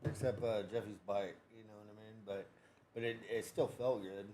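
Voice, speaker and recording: Laid-back man with a lowish voice. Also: fairly even intonation, moderate pace, warm tone, slight background noise. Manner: short interjections, laid-back. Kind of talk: casual chat.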